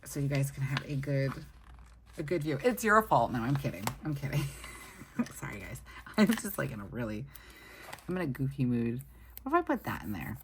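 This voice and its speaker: At a home desk, a woman planner vlogger chats casually to a camera set low on the desk while setting up her weekly planner, rambling and upbeat. Her voice is extremely low with big pitch swings, and she talks at a normal speed with frequent pauses. There's slight background noise in this plan-with-me chat.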